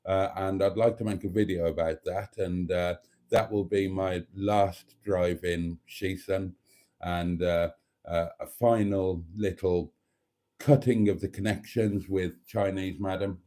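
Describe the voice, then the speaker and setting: A man's voice: low-pitched, steady tone, a little slow, mellow. A man hosting his own channel, talking casually and ramblingly to his viewers in a camp, fond way, sitting at a table indoors. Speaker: channel host.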